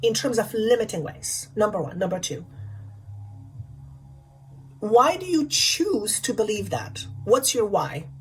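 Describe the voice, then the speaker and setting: A woman's voice: mid-range voice, sing-song, unhurried, long pauses, rough recording. Woman, spiritual healer voice, talks over faint music, repeats questions for emphasis. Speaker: channeler and energy healer. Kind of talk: spiritual guidance talk.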